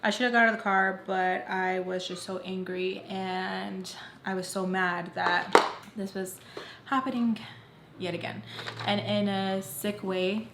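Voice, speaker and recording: A woman recounts a storytime for her vlog in an emphatic, candid way, not shy of blunt swearing. Her voice sits at an ordinary middle pitch. It is recorded in a roomy, echoing space with a faint hiss underneath. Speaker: vlogger. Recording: roomy echo, faint background noise.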